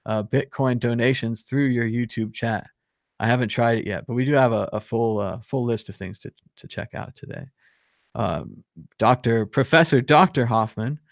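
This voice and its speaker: A man's voice: mid-range voice, creaky, dry recording, clean studio sound. A man hosting a live online show, chatting casually and reading viewer comments aloud with lots of fillers. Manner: rambling, filler-heavy, reads chat aloud with chuckles. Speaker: crypto show host. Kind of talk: casual live-stream chat.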